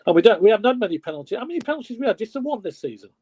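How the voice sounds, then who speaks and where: Upbeat male host, slightly higher voice, punchy and emphatic, dry close sound. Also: racing, husky, no echo. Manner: excitable, emphatic, leads the talk. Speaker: podcast host. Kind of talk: casual fan podcast chat.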